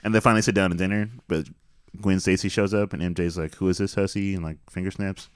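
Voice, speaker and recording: A man's voice: low-pitched, steady tone, quick pace, smooth, no echo, studio quality. A man co-hosting a casual movie recap, summarizing the plot in a laid-back way. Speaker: podcast co-host.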